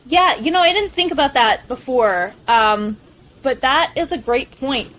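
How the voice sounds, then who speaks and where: A young woman co-hosting a podcast, eagerly retelling film scenes in a gushing, animated way. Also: high-pitched, measured pace. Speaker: podcast co-host. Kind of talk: casual film discussion chat.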